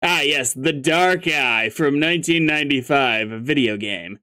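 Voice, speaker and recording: A man's voice: medium pitch, unhurried, sharp tone. Man wryly reading a webcomic aloud. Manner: wry, laughing asides. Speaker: webcomic read-along host. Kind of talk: casual read-through commentary.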